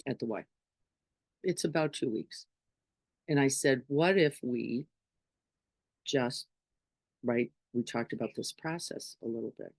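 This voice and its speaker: Speaking in a very deep, gravelly voice at a measured pace with frequent pauses, a middle-aged woman gives an informal spiritual talk to the group she teaches. Her manner is conversational, often asking "right?", and there's no room sound.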